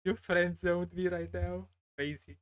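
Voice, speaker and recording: A woman's voice: fairly low pitch, fairly even intonation, a little slow, clean tone, dry recording. A woman streamer chatting casually and bluntly, giving terse answers and laughing as she talks. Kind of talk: casual live-stream chat.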